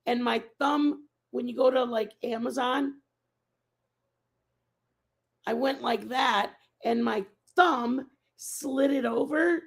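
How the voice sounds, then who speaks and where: High gravelly-voiced woman chatting on stream. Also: slow. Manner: rambling, chatty, answers chat messages by name. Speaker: live-stream host chatting with viewers. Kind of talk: casual live-stream chat.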